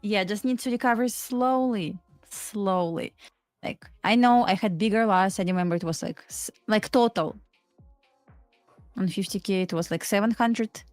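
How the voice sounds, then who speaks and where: A woman's voice: mid-range voice, moderate pace, a little mellow, dry recording, soft background music. A woman trader on a live stream, explaining her setups steadily with frequent "uh" and "like". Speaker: trader on a live trading show. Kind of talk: casual live-stream chat.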